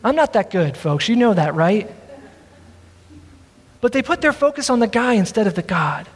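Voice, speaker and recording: A male pastor preaching a sermon with earnest, drawn-out emphasis and self-deprecating asides. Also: high voice, very animated, slightly rough, big-room sound.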